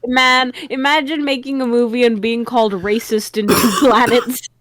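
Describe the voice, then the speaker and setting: A woman co-hosting a casual podcast chat, playful and quick to laugh. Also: fairly high pitch, fairly even intonation, a bit bright, no echo. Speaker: podcast co-host.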